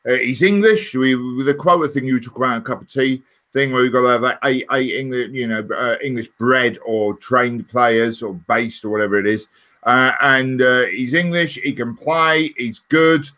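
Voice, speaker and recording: Bright-voiced man, laughing easily. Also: medium pitch, moderate pace. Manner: amused, laughs often while reading comments. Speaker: co-host reading viewer comments. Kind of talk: casual fan chat.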